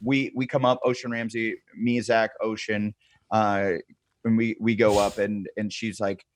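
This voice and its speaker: A man's voice: fairly low pitch, little pitch movement, unhurried, no room sound. A man in his thirties, a podcast guest, telling a wild story in a casual, profane way and acting out the people he quotes.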